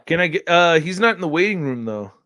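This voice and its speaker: A man co-hosting a casual live stream, animated, jumping from loud outbursts to low mumbles. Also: fast. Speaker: podcast co-host.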